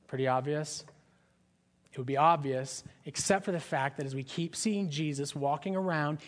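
A man preaching a sermon in a conversational style, often asking his listeners questions. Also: a little high. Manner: conversational, asks the audience questions. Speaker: pastor.

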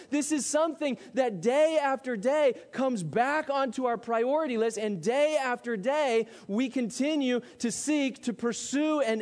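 A man's voice: very high-pitched, darkish tone. A pastor preaching a sermon to his church, emphatic and full of rhetorical questions. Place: church sanctuary. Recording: long hall reverb.

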